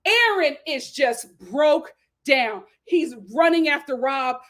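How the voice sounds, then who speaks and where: High-voiced woman gossiping a dramatic recap. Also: slow pace. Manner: dramatic, animated storytelling with frequent laughter; playful slang and sass. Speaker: YouTube show host. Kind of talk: gossipy reality-show recap.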